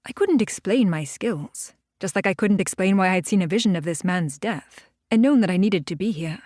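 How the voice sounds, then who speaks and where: A woman's voice: mid-range voice, lively intonation, moderate pace, a little mellow, no room sound. A woman narrating a first-person paranormal audiobook in a wry, dry storytelling manner, recorded on a close studio mic.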